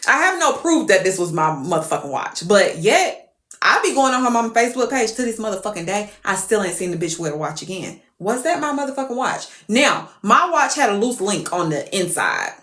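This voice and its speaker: A woman's voice: mid-range voice, fairly quick. Woman spilling a story to her followers, swears a lot, voice jumps all over, echoey room. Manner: profane, animated, exclamatory. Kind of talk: casual storytelling to viewers.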